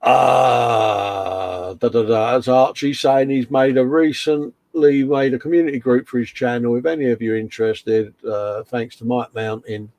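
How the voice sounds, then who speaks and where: A British man hosts a laid-back hobby livestream from his home workshop bench and keeps calling everyone mate. His voice sits at an ordinary middle pitch. The sound is close and dry, with no room echo. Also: fairly even intonation, measured pace, few pauses, a little mellow. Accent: British English. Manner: chummy and matey, calls everyone mate. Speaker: host of a model-building livestream. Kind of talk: casual chat, reading out viewer comments.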